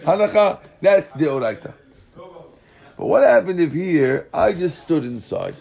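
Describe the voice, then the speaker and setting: A man's voice: fairly high pitch, very animated, unhurried, gravelly, darkish tone. A man teaching a casual Talmud class, mixing Hebrew and Aramaic terms into English and often checking that listeners follow. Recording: class recording.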